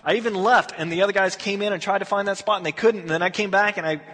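A man's voice: high-pitched, steady tone, quick pace, fairly bright tone, long reverb tail. A man preaching a conversational sermon, telling the story and acting out what people say. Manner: conversational storytelling, acts out quotes. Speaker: pastor.

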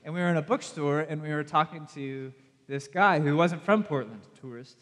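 A man's voice: on the high side, normal speed, fairly bright tone. A man with a Southern US accent giving a casual, conversational sermon as pastor. He speaks in a chatty, self-deprecating way and puts direct questions to his audience. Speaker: youth pastor. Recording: long reverb from a hall.

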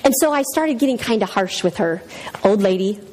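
A middle-aged woman giving a humorous church teaching talk with personal stories, animated and acting out the voices of people she quotes. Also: mid-range voice, a little fast. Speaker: women's speaker.

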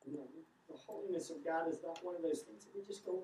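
A woman preaching a sermon in an impassioned style, her voice rising toward shouts. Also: fairly low pitch, quick pace, few pauses. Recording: echoey room, picked up from a distance.

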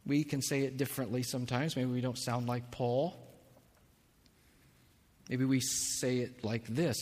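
Slow-preaching pastor in a reverberant hall. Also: male voice, medium pitch, fairly even intonation. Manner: slow and measured, rising to loud impassioned preaching. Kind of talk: sermon. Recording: long reverb of a large hall.

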